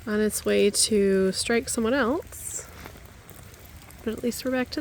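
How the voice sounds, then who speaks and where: A woman homesteader filming a casual vlog outdoors in her yard and garden on a handheld camera. She talks chattily, coos to her birds in a high coaxing voice, and lets out dismayed exclamations. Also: slow, pauses often, slight background noise.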